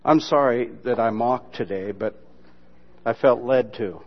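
A man preaching a sermon in a folksy, mocking, humorous way, mixing Bible lessons with sudden loud imitations. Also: medium pitch, a little slow. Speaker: pastor. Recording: dull lo-fi sermon recording.

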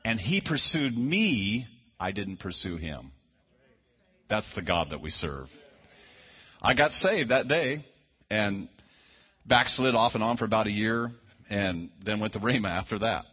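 A man's voice: on the low side, very animated, a little slow, pauses often, breathy edge. A man preaching a sermon, telling a personal story in a folksy, conversational way full of asides and restarts. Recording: dull lo-fi sound.

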